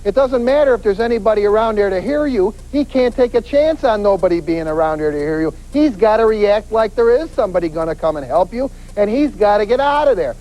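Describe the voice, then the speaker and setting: A male detective delivers a spirited crime-prevention lecture, slipping into quoted voices to act out scenes. His voice sits fairly high yet sounds warm and mellow, and he drives every point home with punchy repetition. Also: fairly quick, few pauses, poor audio. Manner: animated, acts out quoted voices, emphatic repetition. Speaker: police detective giving a safety talk.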